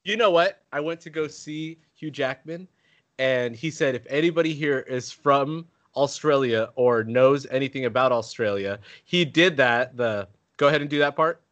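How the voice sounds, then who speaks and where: An easygoing man co-hosting a podcast, joking along and laughing often. His voice sits at a middle pitch. It sounds close and dry. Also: moderate pace, fairly bright tone, no echo, muffled recording. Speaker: podcast co-host. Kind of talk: casual chat.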